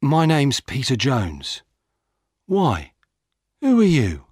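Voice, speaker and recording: A defensive young jogger, played by a male narrator answers back with a slightly lifted, husky voice. Swings of pitch keep him lively. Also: slow, dry recording, studio quality, exaggerated voice.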